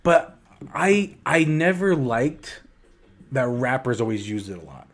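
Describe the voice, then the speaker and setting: A man's voice: mid-range voice, very animated, unhurried. A man co-hosting a casual podcast chat, talking emphatically and often repeating his first words as he starts a thought. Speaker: podcast co-host.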